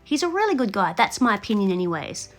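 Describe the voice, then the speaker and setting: A woman's voice: mid-range voice, big pitch swings, fast, a bit bright, faint music behind. A woman giving casual, opinionated reaction commentary on a reality show, laughing often and acting out what she would say.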